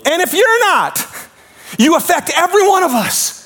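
A man preaching a sermon as pastor, swinging from shouts down to hushed, quiet lines. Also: very high voice, big pitch swings, normal speed.

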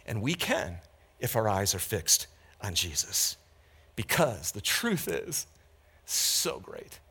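A man preaching a sermon as pastor, candid and conversational, swinging from loud emphatic peaks to hushed moments. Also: on the low side, sing-song, slow, breathy edge.

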